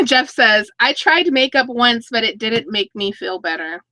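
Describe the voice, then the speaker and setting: A woman's voice: fairly high pitch, lively intonation, unhurried, sharp tone, low-quality recording. A woman in her thirties hosting a casual live-stream chat, reading viewer comments aloud and laughing between stories. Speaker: YouTube channel host.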